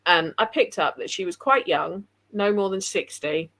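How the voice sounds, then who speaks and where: An English woman, a paranormal investigator, telling animated stories in casual conversation over a video call. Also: on the low side, moderate pace. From England. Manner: chatty, animated anecdotes. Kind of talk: casual storytelling.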